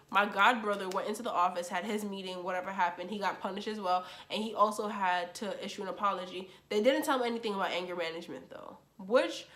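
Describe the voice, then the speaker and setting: A young woman telling a storytime on her channel, animated and blunt, with slangy, quick comebacks. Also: mid-range voice. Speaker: YouTuber. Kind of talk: storytime vlog.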